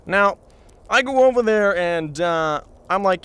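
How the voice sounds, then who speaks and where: A man's voice: high-pitched, expressive, measured pace, fairly bright tone, clean tone. A man telling a comedic, meandering anecdote in character as a reporter, chatting to his viewers.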